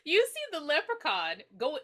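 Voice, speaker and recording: A woman's voice: high-pitched, huge pitch swings, unhurried, pushed and bright. A woman co-hosting a podcast who reacts to a movie with incredulous, sarcastic remarks and casual swearing. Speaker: podcast co-host. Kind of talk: casual movie-review chat.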